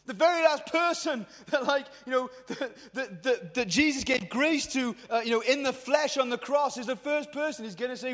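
A man, preaching a lively youth sermon to a crowd in a passionate, colloquial way. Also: very high-pitched, normal speed, hardly any pauses. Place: large hall at a youth event. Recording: long hall reverb.

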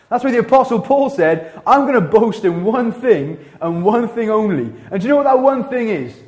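A Welsh man delivers a lively sermon in a church, mixing casual slang with quick asides. He sits a little higher in pitch than most men and keeps things conversational. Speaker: pastor.

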